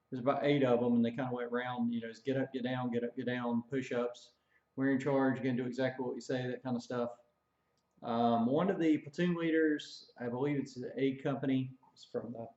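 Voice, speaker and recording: A man's voice: mid-range voice, a little mellow. A man casually telling an army story, rambling with fillers and self-corrections. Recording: dull echoey room recording.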